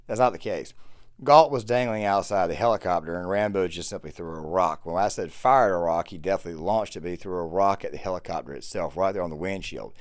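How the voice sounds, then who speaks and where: A man's voice: sits low, darkish tone, clear, resonant tone, no echo, clean studio sound. A man giving a casual voiceover commentary that walks through a film's plot step by step, with the odd filler. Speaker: YouTube film commentator.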